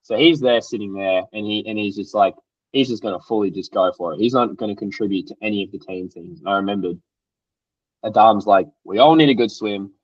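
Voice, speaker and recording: A young Australian man, an athlete guest, telling race stories in an animated, slangy way and acting out what others said. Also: lowish voice, fairly quick, husky, no room sound. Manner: animated, acts out quotes, loose and slangy. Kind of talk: casual storytelling interview. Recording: dry, slightly dull podcast audio.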